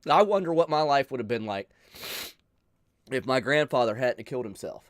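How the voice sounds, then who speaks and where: A man hosting a channel, talking earnestly and emotionally to his viewers, pleading with them, sighing and pausing as he speaks. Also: medium pitch, expressive, no room sound, studio quality. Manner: emotional, pleading, with sighs and pauses. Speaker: channel host. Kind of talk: earnest heartfelt talk to viewers.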